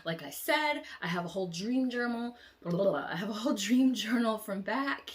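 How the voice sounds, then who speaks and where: A woman vlogger casually retelling a dream, animated, often acting out lines in squealing high voices or dropping to whispers, with many "like" fillers. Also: normal speed. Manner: drops into quiet whispers; frequent "like" fillers. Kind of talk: casual dream storytelling vlog.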